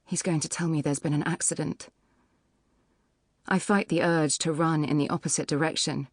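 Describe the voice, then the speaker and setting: A woman narrating a novel in the first person with a measured, even storytelling delivery. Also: sits low, dry recording, clean studio sound. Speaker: audiobook narrator. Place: recording studio.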